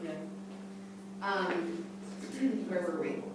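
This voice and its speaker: A woman in a theatre workshop telling an improvised story in a bubbly, animated way. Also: fairly low pitch, drawn-out words. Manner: bubbly, animated, laughing easily. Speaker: workshop participant. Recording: echoey room, distant mic, background noise.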